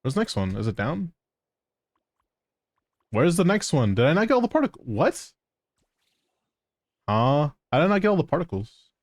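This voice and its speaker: A man's voice: fairly high pitch, very animated, normal speed, long pauses, a little mellow, dry recording, clean studio sound. A man streaming a game live, chatting casually to viewers with plenty of swearing, teasing and laughter. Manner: profane, teasing, laughs often. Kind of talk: casual live gameplay commentary.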